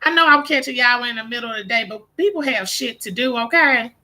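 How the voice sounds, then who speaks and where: High, bright-voiced woman hosting a live stream. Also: fairly quick. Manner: greets viewers by name, blunt and profane. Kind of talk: casual live-stream chat.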